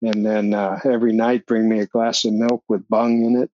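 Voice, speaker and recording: Older man telling animated stories. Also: fairly low pitch, normal speed, lo-fi sound. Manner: animated storyteller, acts out quoted voices, laughs often. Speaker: podcast guest. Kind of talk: storytelling in a casual interview.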